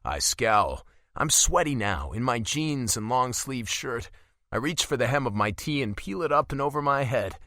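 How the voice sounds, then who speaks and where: Brief male narrator, bright and animated, wry first-person read, dry booth. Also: medium pitch, moderate pace, dry recording. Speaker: audiobook narrator.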